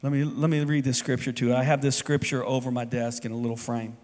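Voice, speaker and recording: A man preaching a sermon, rising to loud emphatic peaks and dropping to quiet, soft asides. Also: medium pitch, little pitch movement, fast talker. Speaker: pastor. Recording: long hall reverb.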